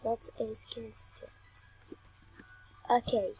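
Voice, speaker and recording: A woman's voice: fairly high pitch, level tone, drawn-out words, dark tone, husky, faint music behind, low-quality recording. A young woman playing a video game, reading the on-screen text aloud and chatting playfully as she plays. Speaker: gamer. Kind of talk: game commentary.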